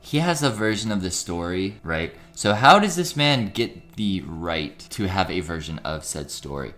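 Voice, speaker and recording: A man's voice: sits low, expressive, normal speed, a bit bright. A young man co-hosting a podcast, chatting casually and joking, rambling and laughing as he goes. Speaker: podcast co-host. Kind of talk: casual comedic podcast chat.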